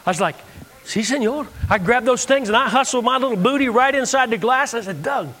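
A man's voice: very high-pitched, animated, fast talker, a bit bright, long reverb tail. A man preaching a sermon from the United States, telling a story and acting out the dialogue.

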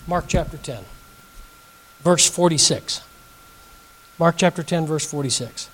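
Guy pastor teaching the bible at night, slow deliberate delivery, reads verses then asks the room questions. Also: on the high side, slightly rough, low-quality recording. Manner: animated, reads scripture aloud and questions the audience.

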